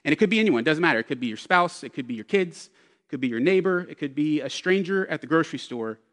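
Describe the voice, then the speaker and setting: A man's voice: fairly high pitch, animated, quick pace, fairly bright tone, long reverb tail. A man in his thirties preaching a sermon, telling a personal story with self-deprecating humor. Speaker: pastor.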